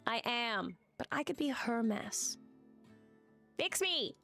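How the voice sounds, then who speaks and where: A woman's voice: a little high, sing-song, slow, a bit bright, soft background music. A woman streaming a game live, chatting casually, swearing and reading the game's text aloud.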